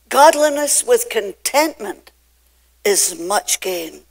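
Slow-preaching older Scottish woman pastor. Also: medium pitch. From Scotland. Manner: emphatic, drawn-out preaching with sudden swings between loud and soft. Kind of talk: sermon. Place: church pulpit.

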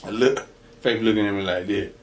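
A man's voice: lowish voice, brisk, a little hiss or hum. A young man hosting an eating show at home, telling stories casually between bites, laughing often and acting out what others said. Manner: animated, laughs often, acts out quoted voices. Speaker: mukbang host. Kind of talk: casual storytelling while eating.

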